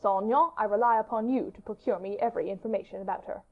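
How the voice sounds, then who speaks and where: In a dull lo-fi audiobook recording, a woman reads a character part, voicing a curious, commanding male king. Her mid-range voice is natural and fast.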